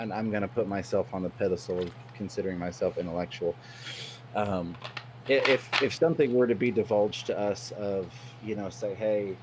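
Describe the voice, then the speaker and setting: A man's voice: fairly low pitch, background noise. A man talking as a stream guest, in long-winded, earnest casual chat.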